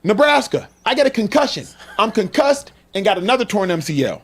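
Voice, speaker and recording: A former football player on a sports talk panel, his voice pitched high. He drives his point home by repeating it and tells injury stories with rising energy. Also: very animated, brisk. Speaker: former NFL player, co-host.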